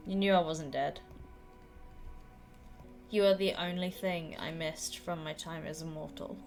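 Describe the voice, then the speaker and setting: A woman's voice: sits low, steady tone, unhurried, faint music behind. A woman voicing an older witch speaking tenderly and wryly at her sister's grave, in a game played aloud. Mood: wistful. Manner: wry, tender. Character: older witch, wry and affectionate.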